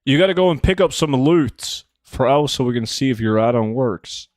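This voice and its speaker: A man's voice: mid-range voice, normal speed, no room sound, studio quality. A man in his twenties chatting casually with his chat while playing a game on a livestream. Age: 20s. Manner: relaxed, answering chat while gaming. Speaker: streamer.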